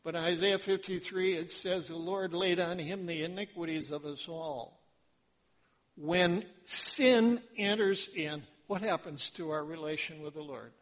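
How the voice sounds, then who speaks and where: A man preaching a sermon as pastor, in a slow, dramatic delivery that swings between hushed lines and loud ones. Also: a little high.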